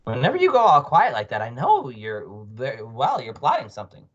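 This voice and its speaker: A man doing a shrill cackling old hag. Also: wildly swooping pitch, a little fast, breathy edge, muffled recording. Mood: scheming. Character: shrieking nasty old woman, cackling hag.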